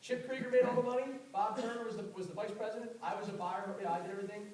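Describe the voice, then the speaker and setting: A man giving a fast, animated motivational talk on network marketing to a live audience, telling stories with a confrontational edge. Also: high voice. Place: event hall with audience. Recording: echoey room, far mic, audible noise.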